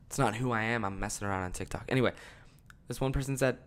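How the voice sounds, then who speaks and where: A young man hosting a podcast, ranting casually and swearing a lot, swinging from mumbled asides to loud exasperated outbursts. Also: medium pitch, fast talker, soft background music. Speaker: podcast host.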